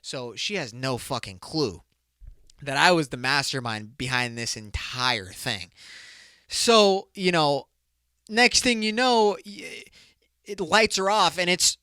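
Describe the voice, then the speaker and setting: Podcast host, male, fairly high and bright voice, profane rambling comic storyteller, dry close sound. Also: no echo. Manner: profane, rambling storyteller who laughs at his own jokes. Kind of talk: comedic solo podcast monologue.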